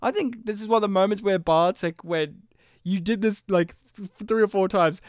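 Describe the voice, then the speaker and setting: A woman's voice: medium pitch, normal speed, dry recording, clean studio sound. A woman co-hosting a podcast, retelling a film in casual chat, laughing often and imitating the characters. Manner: laughing, animated storytelling with imitations. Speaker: podcast co-host. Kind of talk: casual movie review chat.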